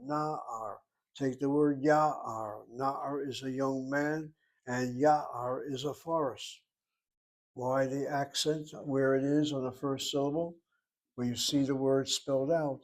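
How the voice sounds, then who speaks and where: A man's voice: medium pitch, a little mellow. A man teaching a Hebrew class, explaining words and grammar step by step. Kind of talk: classroom lecture.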